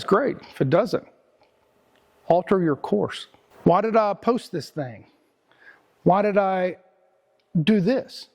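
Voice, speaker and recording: A man's voice: fairly high pitch, darkish tone. A middle-aged man with a Texan accent giving a casual, rambling motivational talk as host, repeating words and using slang.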